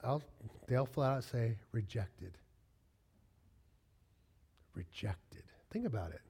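A man's voice: mid-range voice, big pitch swings, moderate pace, mellow, husky. A man preaching a conversational sermon to his congregation, acting out little quoted exchanges as he goes. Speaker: pastor.

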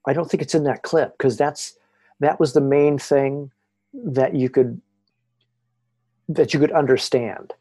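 Male interview guest who tells stories with animation; mellow tone with some breathiness. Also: medium pitch, a little slow, long pauses. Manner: excited, lively retelling. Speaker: podcast guest. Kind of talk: animated storytelling.

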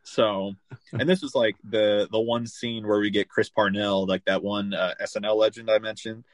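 A man's voice: on the low side, moderate pace, no room sound. A young man hosting a casual movie podcast, talking loosely with lots of fillers and bursts of laughter. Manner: animated, laughing, quoting scenes in put-on voices. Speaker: podcast host.

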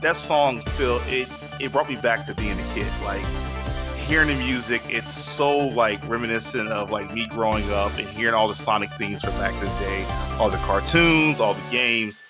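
A man co-hosting a podcast in casual chat, rambling and excitable with lots of restarts. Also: lowish voice, moderate pace, music in the background. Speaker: podcast co-host.

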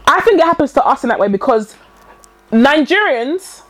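A young woman with a notably high voice chats casually as a co-host. She speaks emphatically, hammering points home by repeating her phrases. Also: sing-song, normal speed, a bit bright, faint music behind. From England. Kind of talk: casual chat.

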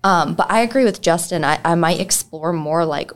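A woman co-hosting a podcast, with a somewhat low voice. She talks casually and earnestly, thinking her points through with plenty of "like"s. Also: normal speed. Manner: earnest, reflective, many "like"s. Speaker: podcast co-host, mental health clinician. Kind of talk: casual chat.

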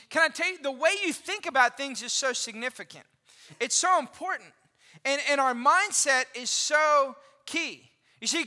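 A pastor in his forties giving an animated, conversational sermon and asking the congregation questions. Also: very high-pitched. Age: 40s. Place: church auditorium. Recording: reverberant hall.

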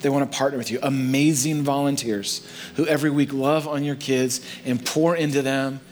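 A man's voice: medium pitch, steady tone, normal speed, a little mellow, a little hiss or hum. A man preaching as pastor in a church, earnest and conversational. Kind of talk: sermon. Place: church sanctuary.

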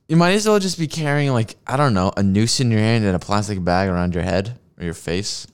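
A man's voice: lowish voice, animated, moderate pace, clean tone. A man ranting on a stream as he reacts to videos, swearing often and laughing at his own jokes, into a desk microphone. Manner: profane, sarcastic rant with laughs. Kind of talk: ranting commentary while watching videos. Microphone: streaming mic at a desk with a mixer.

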